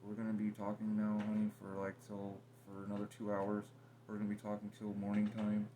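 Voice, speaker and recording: A man's voice: lowish voice, monotone, fairly quick, mellow, slight background noise. A man talking bluntly and profanely in a rambling, confrontational conversation with his partner. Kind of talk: casual heated conversation.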